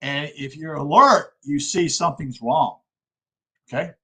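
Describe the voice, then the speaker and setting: A man's voice: on the high side, measured pace, sharp tone, husky, poor audio. A man from South Carolina giving an informal, earnest spoken lecture, often checking in with his listeners. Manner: earnest, addresses listeners as folks, frequent okay checks.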